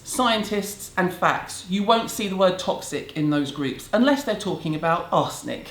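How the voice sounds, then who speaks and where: A woman's voice: on the low side, lively intonation, normal speed, hardly any pauses, slight background noise. Blunt British woman ranting, roomy echo. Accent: British English. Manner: blunt, sarcastic, emphatic. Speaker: beauty vlogger. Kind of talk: casual rant to camera. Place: home room in a city.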